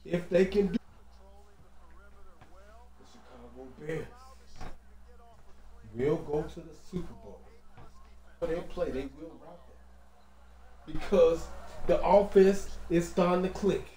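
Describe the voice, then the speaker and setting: A man giving loose, slangy, excitable commentary over a basketball video game, peppering his talk with casual fillers. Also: on the high side, slow pace, pauses often, reverberant. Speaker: gaming commentator.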